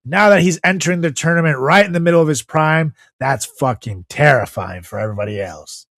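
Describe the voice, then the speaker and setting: A man's voice: on the high side, fairly quick, fairly bright tone, dry recording. Brash joking man, dry close mic. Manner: brash, profane, jokey. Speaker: podcast co-host. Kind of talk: casual chat.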